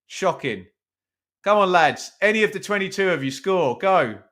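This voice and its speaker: A man's voice: sits high, animated, moderate pace, a bit bright. A man hosting a live football watch-along, chatting casually, joking about himself and answering viewers' comments. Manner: chatty, self-mocking, reads chat aloud.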